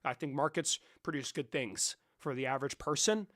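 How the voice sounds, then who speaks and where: A man's voice: mid-range voice, moderate pace, a bit bright. A young adult man streaming live, chatting casually with his chat in a profane, rambling and joking way. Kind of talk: casual livestream chat, answering chat.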